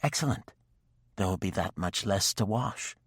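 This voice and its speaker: A man's voice: deep voice, lively intonation, creaky, breathy edge, dry recording, studio quality, voice pushed up, full character voice. A man playing a tart, stubborn young noblewoman. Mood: wry. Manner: tart, quick-witted replies.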